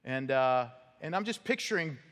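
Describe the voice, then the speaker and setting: A man's voice: medium pitch, expressive, moderate pace, fairly bright tone. A man preaching a sermon as pastor, talking in a conversational, storytelling way. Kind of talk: expository sermon. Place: church sanctuary. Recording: long church hall reverb.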